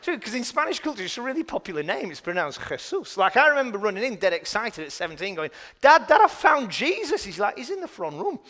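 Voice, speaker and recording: A man doing a stand-up comedy set in churches, telling lively stories and putting on voices for the people in them. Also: sits high, quick pace, pauses often. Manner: animated storytelling, voices for characters. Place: church venues with live audience. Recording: echoey church from far off with audience noise.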